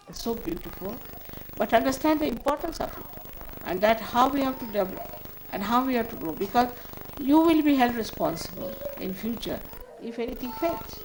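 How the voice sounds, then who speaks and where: A woman's voice: mid-range voice, slight background noise, rough recording. An older woman, a spiritual teacher, giving a spoken talk to a gathering in a motherly, scolding way, often repeating short commands.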